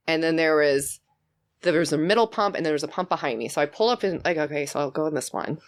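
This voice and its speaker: A young woman, a podcast guest, telling stories in casual chat, animated and laughing, sometimes shouting as she acts out what she said. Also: deep voice, quick pace. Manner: animated, laughing, swings into loud shouted retellings.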